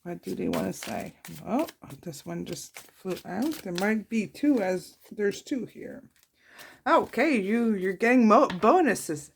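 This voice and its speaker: A woman giving a tarot reading, talking softly and slowly as she reads out card messages to her viewers. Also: medium pitch, creaky, noisy background. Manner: soft, warm-hearted, reads card messages aloud. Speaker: tarot reader. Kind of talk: slow, intimate tarot reading.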